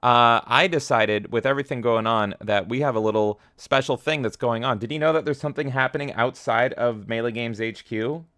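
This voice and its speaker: A man's voice: medium pitch, a little fast, few pauses, fairly bright tone, no echo, studio quality. A man hosting a livestream, energetically reading viewer comments aloud and reacting with casual profanity. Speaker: livestream host.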